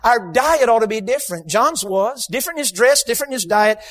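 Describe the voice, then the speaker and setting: A man preaching a sermon in a church, emphatic, bursting into shouts for emphasis and slipping in humorous asides. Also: very high-pitched, lively intonation, fast talker. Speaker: guest preacher. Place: church sanctuary.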